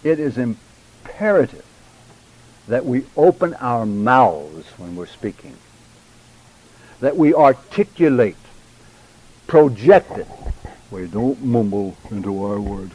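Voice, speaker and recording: A man teaching public speaking to a class of church men. He speaks in a measured, emphatic way, carefully articulating each word. His pitch sits in an ordinary middle range. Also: expressive, warm tone, slightly rough, rough recording. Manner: measured, emphatic, deliberate enunciation; addresses class members by name. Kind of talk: classroom lecture.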